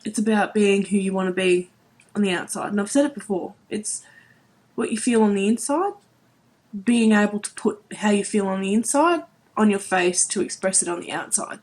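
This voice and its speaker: A woman's voice: medium pitch, moderate pace, a little mellow. Woman, thirties, home beauty vlogger, choked-up and heartfelt, repeats herself. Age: 30s. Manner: emotional, voice wavering near tears; earnest, repeats herself, many "like"s. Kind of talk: emotional vlog to camera.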